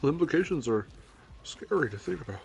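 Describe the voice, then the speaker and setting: A man's voice: a little high, lively intonation, a little fast, gravelly, a little mellow. A young man hosting a casual gaming stream, joking, rambling and laughing often as he chats. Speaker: streamer and host.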